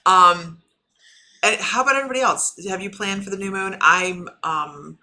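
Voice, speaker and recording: A woman's voice: mid-range voice, normal speed. A woman hosting a live stream of free intuitive readings, talking in a chatty way full of fillers. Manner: chatty, filler-heavy, rising excitement when addressing viewers. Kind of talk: live psychic reading chat.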